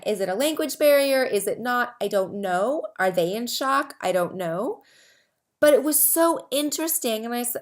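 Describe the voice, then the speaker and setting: A woman hosting her own advocacy podcast, talking casually to camera in a rambling way with many asides and restarts. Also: a little high. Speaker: host of a herpes advocacy podcast.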